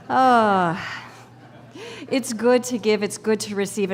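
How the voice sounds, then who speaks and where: A woman minister in a church sanctuary effusively inviting the congregation to give an offering. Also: mid-range voice. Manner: enthusiastic, effusive. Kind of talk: leading the offering in a church service.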